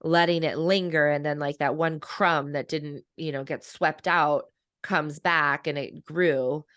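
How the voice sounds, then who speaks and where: A woman's voice: sits low, fairly even intonation, unhurried, fairly bright tone, dry recording, clean studio sound. A woman in her thirties, a coach and author, talking reflectively in a podcast interview and laughing often.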